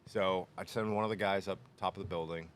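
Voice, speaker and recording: A man's voice: low voice, fairly even intonation, a little fast, background noise. A man on a shop podcast telling a story in casual chat, laughing often and acting out the quotes. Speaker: podcast co-host. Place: workshop podcast room.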